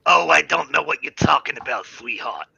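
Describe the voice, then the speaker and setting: A man doing a gravelly, chain-smoking old aunt. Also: a little high, lively intonation, a little fast, highs cut off, crowd noise, pitched below the performer's own voice. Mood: sassy. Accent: New England, put on.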